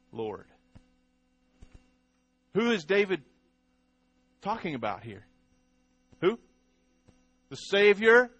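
A man teaching a sermon in a slightly raised voice, leaning hard on single words and throwing questions out to his listeners. The sound is close and dry, with soft music underneath. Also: sits high, dry recording. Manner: emphatic, asks the congregation questions, repeats words. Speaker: pastor.

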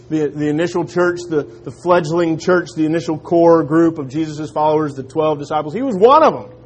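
A pastor delivers an earnest sermon in a fairly high voice. He slows down and drops to a quiet, weighty tone to stress his key points. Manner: earnest preaching, dropping to quiet emphatic lines.

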